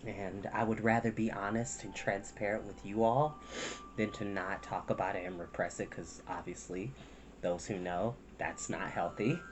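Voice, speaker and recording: A man hosting a storytime channel, talking candidly and emotionally to his viewers, soft-spoken and close to tears, with many pauses. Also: lowish voice, fairly even intonation, a little hiss or hum. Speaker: storytime reader. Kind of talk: candid personal talk to viewers.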